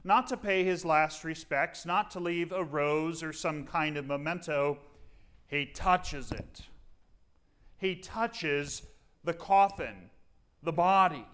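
Slow, emphatic male preacher. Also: fairly high pitch, a bit bright, clean tone. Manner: dramatic, rhetorical questions with slow emphatic pauses. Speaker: pastor. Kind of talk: sermon.

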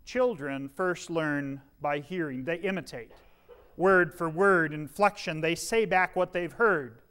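Earnest preaching man, slightly high voice. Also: a little slow, fairly bright tone, smooth. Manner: earnest preaching with dry asides, varying volume. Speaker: pastor. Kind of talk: sermon.

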